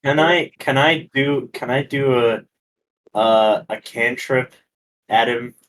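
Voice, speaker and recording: A man's voice: mid-range voice, slow, a bit bright, a little hiss or hum, poor audio. A man playing a tabletop game, talking hesitantly with many fillers and restarts. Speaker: player.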